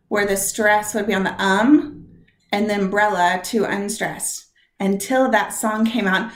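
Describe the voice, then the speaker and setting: A woman teaching a recorded video lesson to her high school English class, talking straight to the students and drawing out her spoken examples. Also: steady tone, roomy sound. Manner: chatty, direct address to students, drawn-out examples. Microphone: computer mic.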